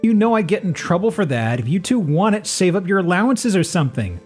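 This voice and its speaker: A man's voice: high-pitched, big pitch swings, fairly quick, husky, soft background music, pitched above the performer's own voice, full character voice. A man voicing a bossy, impatient young village girl who scolds the boys, while reading game dialogue. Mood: scolding.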